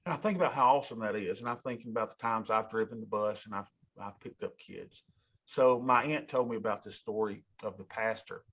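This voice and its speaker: A man's voice: on the low side, a little fast, fairly bright tone, breathy edge. A man, a financial advisor giving a rambling, emotional talk and calling his listeners y'all. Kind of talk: casual rambling monologue.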